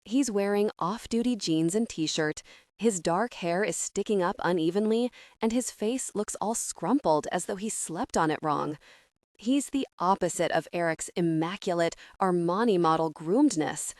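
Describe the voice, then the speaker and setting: A woman reading a first-person romance audiobook in a soft, intimate, emotional way. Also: lowish voice, normal speed, no room sound, studio quality. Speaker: audiobook narrator. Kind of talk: first-person scripted narration.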